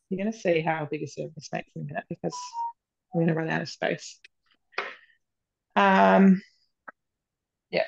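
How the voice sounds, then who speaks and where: A woman presenting an online cooking demo, explaining steps in a relaxed way. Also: fairly low pitch, gravelly. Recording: dull lo-fi sound.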